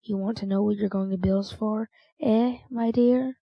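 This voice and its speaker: A woman's voice: mid-range voice, fairly even intonation, moderate pace, gravelly, breathy edge, no room sound, highs cut off. A woman voicing a sly, cunning old male thief in an audiobook, coaxing and teasing, then dropping into grim warnings. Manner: bantering, coaxing, with sudden warnings.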